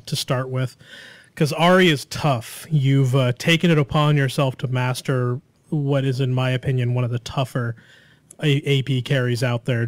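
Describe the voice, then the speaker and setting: A man's voice: mid-range voice, no room sound. A man hosting a casual gaming podcast, upbeat and encouraging as he talks straight to his listeners. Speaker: podcast host.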